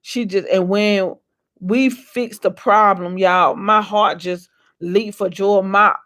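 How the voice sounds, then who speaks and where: A woman's voice: medium pitch, fairly even intonation, slow, fairly bright tone. A woman vlogger giving a faith-based motivational talk, preachy and repetitive, folksy and calling out to her viewers. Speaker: inspirational vlogger.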